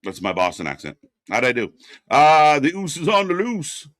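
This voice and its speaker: With a fairly high voice and a moderate pace, this man co-hosts a live wrestling watch party. He rambles casually with fillers, reacts to the action, and bursts out loudly in excitement, all captured in studio quality with no room sound.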